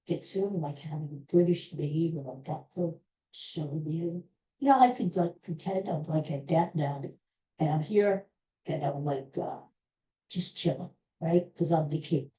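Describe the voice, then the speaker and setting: Low, mellow-voiced woman podcast host. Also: low-quality recording. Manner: rambling, exclaiming, talks to herself. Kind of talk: casual chat.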